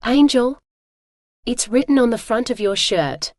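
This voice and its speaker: A woman's synthetic reading voice speaking the lines of a quiet, teasing young man who keeps a captive. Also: a little slow, no room sound, clean studio sound. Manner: low, calm and teasing.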